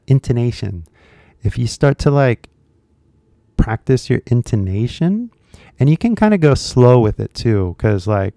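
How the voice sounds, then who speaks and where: A man's voice: mid-range voice, creaky, mellow, no room sound, clean studio sound. A young man teaching English in a casual, rambling spoken lesson, full of fillers and asides. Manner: chatty, rambling, lots of fillers.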